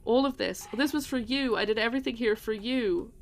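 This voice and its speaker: An actress voicing a hurt and angry female ship AI in a video game, sharp and accusing, over game music. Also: fairly high pitch, fairly quick, background noise, natural voice. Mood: hurt anger.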